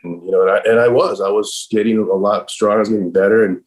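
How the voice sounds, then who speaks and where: A middle-aged man with a notably low, deep voice tells a story as a podcast guest. He talks in a loose, rambling way, full of fillers and casual swearing. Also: fairly even intonation, quick pace, poor audio. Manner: rambling and profane, heavy use of "like" and "I'm all". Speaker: podcast guest, professional skateboarder.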